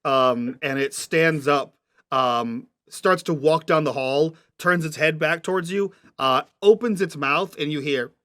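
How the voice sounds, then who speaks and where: A man's voice: on the high side, a little slow, fairly bright tone. A man narrating a tabletop game as game master, describing scenes patiently and checking what the players mean.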